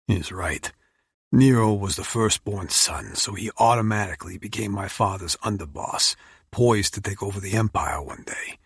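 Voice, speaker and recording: A man reads a dark first-person audiobook in a brooding, intense tone. His voice sits low and is very husky. The recording is dry and close. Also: normal speed, no room sound. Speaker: audiobook narrator.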